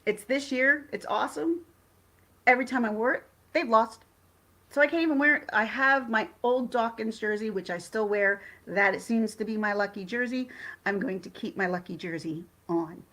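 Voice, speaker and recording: Excitable woman rambling on a livestream. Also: a little high, normal speed. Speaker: livestream host. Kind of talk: casual livestream chat.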